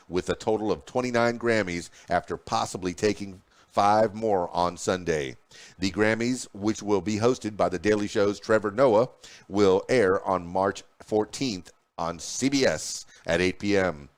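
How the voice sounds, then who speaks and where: A man hosting a podcast, reading news headlines and history facts aloud with small slips and restarts. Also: fairly low pitch. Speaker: podcast host.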